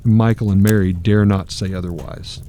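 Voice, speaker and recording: Brief: male narrator, grave and measured, low and mellow, faint hiss behind. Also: fairly even intonation. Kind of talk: dramatic storytelling narration.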